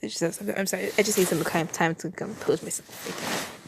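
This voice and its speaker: A woman's voice: on the low side, steady tone, moderate pace, gravelly, background noise. A woman reacting to fanfiction she reads aloud, exasperated, sighing and swearing. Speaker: fanfiction reader.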